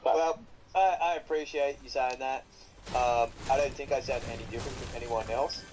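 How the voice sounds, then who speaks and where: An Australian man telling stories in casual chat, animated and swearing freely. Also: mid-range voice, normal speed, background noise.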